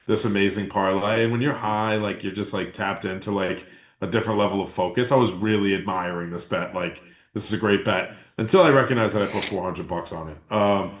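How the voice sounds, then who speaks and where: A man hosting a podcast, telling a story in a casual, animated way, acting out the quotes and swearing freely. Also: lowish voice, brisk, slight background noise. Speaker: podcast host. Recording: roomy echo.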